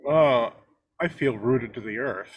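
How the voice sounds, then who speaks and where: A man answering with relaxed, hesitant words as the interviewer takes part in an exercise. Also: medium pitch, unhurried, husky, rough recording.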